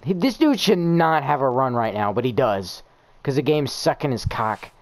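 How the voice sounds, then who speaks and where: A man's voice: medium pitch, lively intonation, normal speed. A young man narrating his own video game in a stream of exasperated, profane complaints. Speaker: gamer posting gameplay. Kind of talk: live gameplay commentary.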